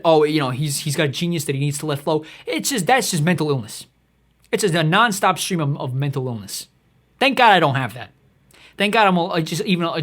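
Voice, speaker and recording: A man hosts his own podcast with a rambling, profanity-heavy comedic rant, exasperated, mocking, and full of restarts. His voice sits on the high side with a fairly bright tone.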